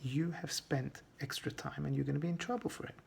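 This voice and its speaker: A man's voice: a little high, brisk, gravelly, slight background noise. A man voicing a strict, stern male schoolteacher who threatens a pupil.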